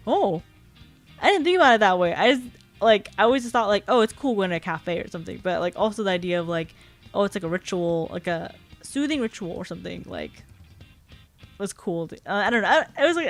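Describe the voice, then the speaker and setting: Chatty giggly young woman streamer. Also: on the low side. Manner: chatty, rambling, giggly, apologetic. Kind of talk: casual chat.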